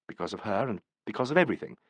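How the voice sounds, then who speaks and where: Earnest young actress-dresser, apologetic, read by a man, lively delivery, dry close sound. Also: lowish voice, racing, breathy edge, no room sound, pitched below the performer's own voice. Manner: pleading, apologetic.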